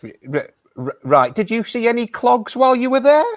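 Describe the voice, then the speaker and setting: A man's voice: very high-pitched, big pitch swings, fairly quick, no echo, clean studio sound, full character voice. A man playing a hesitant, stammering phone-in radio host in an improvised comedy show. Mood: awkward.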